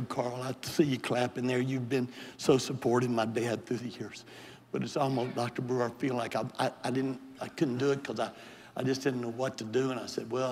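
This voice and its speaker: An older man, a bishop, preaching an impassioned Pentecostal sermon and altar call in a large church sanctuary. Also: medium pitch. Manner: impassioned, pleading preacher who builds to hollering. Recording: long hall reverb in a big church.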